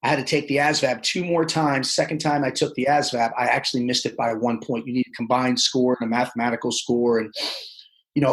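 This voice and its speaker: A man telling his life story as a podcast guest, animated, acting out the people he quotes. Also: mid-range voice, poor audio. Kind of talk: casual storytelling interview.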